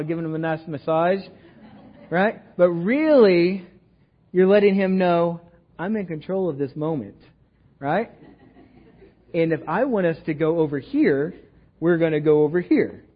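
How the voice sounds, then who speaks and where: A man's voice: sits high, a little slow, highs cut off. A man with a Texan accent preaching a sermon in a casual, joking way, often checking in with the room. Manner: conversational, jokey, asks the room "right?" often. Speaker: pastor. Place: church sanctuary.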